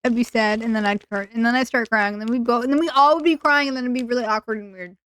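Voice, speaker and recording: Playful, self-mocking woman streamer with a smooth voice. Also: on the high side, fast talker, dry recording. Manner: playful, rambling and self-mocking, with sudden loud whiny bursts. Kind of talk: casual live-stream chat.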